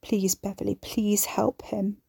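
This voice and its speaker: A woman's voice: medium pitch, flat delivery, unhurried, creaky, dark tone, breathy edge, no echo, clean studio sound, heavily acted. A woman voicing a frightened, grieving young man who pleads in a breaking, whispery voice. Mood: pleading.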